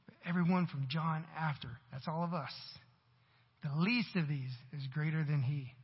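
Husky man preaching in a reverberant hall. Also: fairly high pitch, moderate pace, dull audio. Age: adult parent. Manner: earnest, rhetorical questions to the congregation. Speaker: lay preacher at church. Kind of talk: sermon. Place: church sanctuary.

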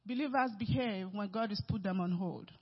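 A male pastor preaching a sermon, emphatic, with sudden swings between loud and soft. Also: high voice, normal speed, husky. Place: church sanctuary. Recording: reverberant hall, dull sound.

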